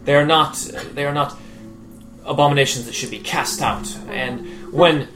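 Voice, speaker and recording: A man voicing a formal, courteous male lore master who speaks in measured, hesitant phrases. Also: fairly high pitch, steady tone, over music, natural voice. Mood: earnest. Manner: measured, hesitant speech with many pauses.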